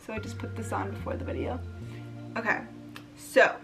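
A young woman chatting excitedly in a casual home beauty vlog, gushing and bubbly. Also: mid-range voice, moderate pace, pauses often, over music. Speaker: beauty vlogger.

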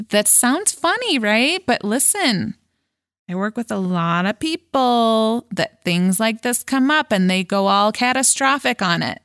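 A woman's voice: slow, no room sound, studio quality. A woman hosting a motivational podcast as a life coach, talking in a casual, frank way and acting out worried thoughts with big swings in voice. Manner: lively and dramatic, acting out worried thoughts with swings in pitch and pace; casual and frank, with a chuckle now and then.

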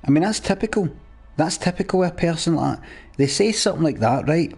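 A man's voice: a little high, lively intonation, fast, vocal fry, darkish tone, slightly rough, faint music behind. A young man live-streaming a game, chatting casually and ranting at his viewers with plenty of swearing. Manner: sweary, ranting at chat in a mock-exasperated way.

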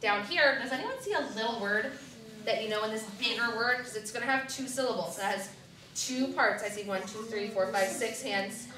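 A woman teaching first graders to blend words, with clear, directive prompts and counting down. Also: fairly high pitch, moderate pace, crowd noise. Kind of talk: classroom reading lesson. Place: classroom. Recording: echoey classroom from far off, children around.

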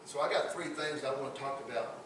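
A man's voice: mid-range voice, fast talker, a bit bright, slight background noise. A man preaching a sermon as pastor, emphatic, often repeating words as he builds a point. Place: church sanctuary. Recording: echoey church sanctuary, distant mic.

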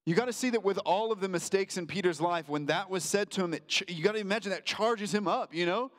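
Conversational preacher in an echoing church. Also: male voice, high-pitched, a bit bright. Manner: conversational, slows for emphasis, acts out quotes. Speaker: pastor. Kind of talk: sermon. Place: church sanctuary. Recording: reverberant church hall.

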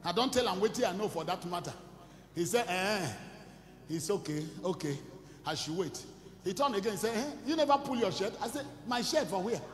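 High-voiced Nigerian evangelist preaching in echoey hall. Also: male voice, expressive, a little fast. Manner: shifts between shouting, storytelling and singing, mixing Pidgin and Igbo. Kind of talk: sermon with testimony and sung worship.

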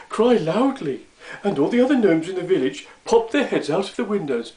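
Animated male storyteller reading aloud. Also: high-pitched, reverberant, rough recording.

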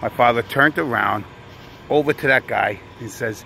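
A man's voice: medium pitch, moderate pace, vocal fry, bright, forceful tone, slight background noise. Blunt, profane man telling a story. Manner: blunt, profane, tough-guy delivery. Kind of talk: casual storytelling.

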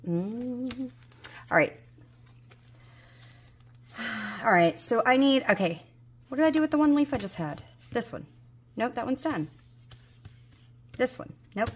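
A slightly high, husky voice carries this woman's animated speech at a measured pace, broken by frequent pauses. She's a Southern US budgeting vlogger in her forties chatting casually to herself over a budgeting game. Searching for pieces leaves her mildly exasperated.

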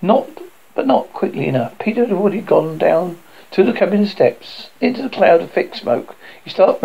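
A man's voice: high-pitched, gravelly, dull audio, slight background noise. A man reading a novel aloud as narrator, often stumbling and correcting himself.

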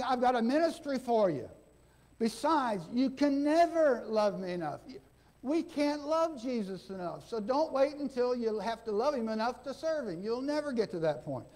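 A man's voice: extremely high pitch, darkish tone. A man preaching a sermon as interim pastor, folksy and conversational, often checking in with the congregation and acting out the quoted dialogue. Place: church sanctuary.

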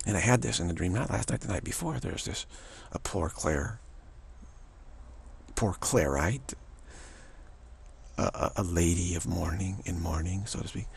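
A man giving a rambling spiritual monologue, halting and repetitive, sometimes dropping to a whisper. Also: sits low, creaky, breathy edge. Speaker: spiritual vlogger.

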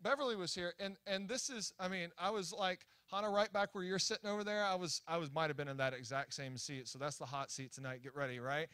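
A young man preaching at a church, telling a story in an animated, excitable way with many restarts and acted-out quotes. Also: sits high, fast talker, few pauses, clear, resonant tone, dry recording. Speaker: guest preacher. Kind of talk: sermon storytelling. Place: church sanctuary.

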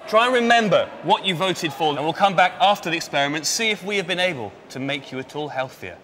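A man's voice: on the high side, expressive, fast talker, fairly bright tone, slight background noise. A man presenting a live science show on stage, upbeat and guiding the audience through a show of hands.

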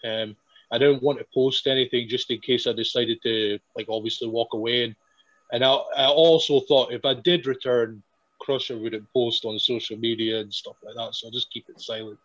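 Young man, halting, dull lo-fi audio. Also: medium pitch, fairly even intonation, fairly bright tone, no room sound. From Scotland. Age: young adult. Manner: halting, many fillers and restarts, laughs while telling. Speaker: wrestler guest. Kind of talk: casual interview storytelling.

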